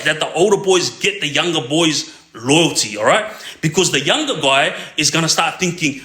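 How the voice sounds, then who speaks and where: An Australian man tells a casual crime story from the street, rambling along and checking in with a constant "yeah?" every few lines. His slightly high voice is bright, forceful and expressive at a moderate pace, in an echoey room.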